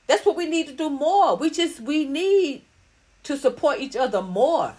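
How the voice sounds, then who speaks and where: A woman's voice: sits high, animated, unhurried, a little mellow. A middle-aged woman hosting a podcast, talking casually to viewers in a blunt, profane and preachy way. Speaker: podcast host. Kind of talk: casual livestream talk to viewers.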